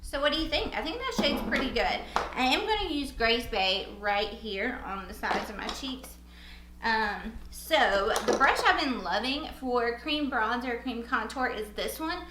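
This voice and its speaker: A young woman with a Southern US accent chatting casually through a makeup tutorial, bubbly and quick to laugh at herself. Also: fairly high pitch, animated, reverberant, very noisy. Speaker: beauty vlogger.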